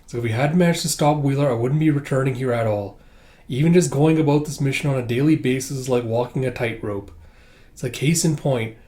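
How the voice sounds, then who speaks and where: A man voicing a tired, composed young husband who is secretly a spy, in a calm, inner-monologue delivery. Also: medium pitch, a little fast, lightly acted.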